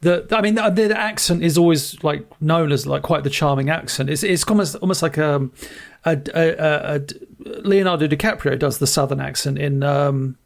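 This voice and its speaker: Gravelly, higher-pitched podcast man. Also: moderate pace. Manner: hesitant, lots of restarts and filler words. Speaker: podcast co-host. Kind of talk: casual film discussion.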